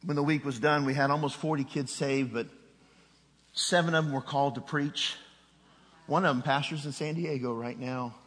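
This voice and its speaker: A man's voice: mid-range voice, fairly even intonation, moderate pace, fairly bright tone, long reverb tail. A middle-aged man preaching a sermon, telling a personal story with rising emotion and a raised voice at its peak.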